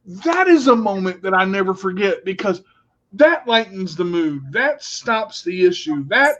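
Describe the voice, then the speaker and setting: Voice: mid-range voice, big pitch swings, unhurried, a bit bright. A co-host on a casual radio show who tells stories with a playful, joking manner. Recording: dull lo-fi sound.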